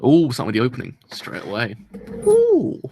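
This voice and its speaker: A man's voice: medium pitch, brisk, a bit bright, dry recording. A man hosting a live anime reaction, talking in a rambling, chatty and self-deprecating way and laughing often.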